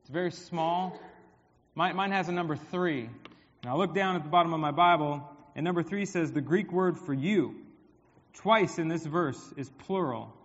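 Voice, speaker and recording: A male pastor preaching a sermon in a conversational way, his voice swinging from hushed to emphatic. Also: on the high side, normal speed. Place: church hall. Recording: dull, echoey hall.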